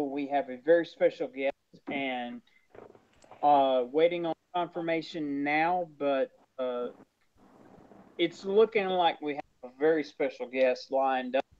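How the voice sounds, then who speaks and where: A man co-hosting a relaxed sports podcast, a bit higher-pitched than most men. He runs through the plans for the next show and jokes at his own expense. The recording sounds muffled and lo-fi. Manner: announces show details, self-mocking. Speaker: podcast co-host. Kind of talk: casual podcast chat. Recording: dull lo-fi sound.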